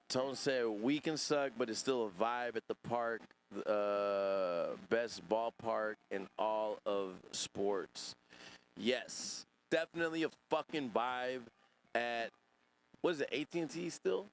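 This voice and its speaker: Male streamer host, loose and profane, rambling chat-reading delivery, average pitch, faint background noise. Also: slow pace. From Northern California. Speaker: podcast host. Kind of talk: casual livestream chat reacting to chat.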